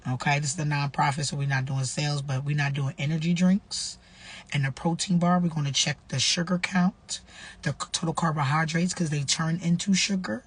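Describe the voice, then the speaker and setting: A woman's voice: sits low, steady tone, brisk, slightly rough. A woman, casually sharing faith advice and reading a devotional aloud, repeating herself and using slang. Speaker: vlogger running a nonprofit.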